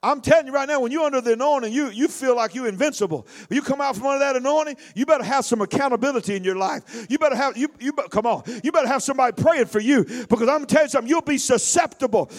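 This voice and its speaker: A man preaching a sermon, swinging between loud, sing-song shouting and quick, quieter asides to the congregation. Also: very high voice.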